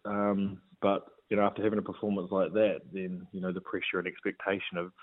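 A man's voice: deep voice, fairly quick. New Zealand man on a tinny line. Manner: relaxed, rambling with fillers and restarts. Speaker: guest, former rugby player. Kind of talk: casual interview chat.

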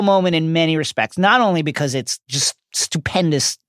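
A man co-hosting a podcast, excitedly discussing a book, profane, slipping into playful character voices. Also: on the high side, normal speed, dry recording, studio quality. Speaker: podcast co-host.

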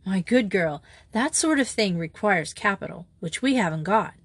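A woman's voice: mid-range voice, expressive, normal speed, slightly rough, no echo. Woman reading young man, elder brother, brusque, slangy, impatient, storybook, dry close sound. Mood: exasperated. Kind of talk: audiobook character reading.

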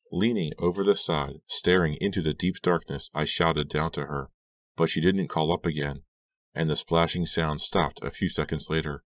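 A man narrating a horror audiobook in a measured, tense reading. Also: rumbling low, fairly even intonation, fairly bright tone, no room sound.

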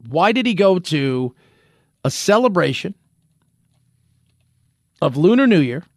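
A man's voice: fairly high pitch, dry recording, clean studio sound. A man hosting an opinionated news commentary, sarcastic and full of rhetorical questions. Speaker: commentary show host.

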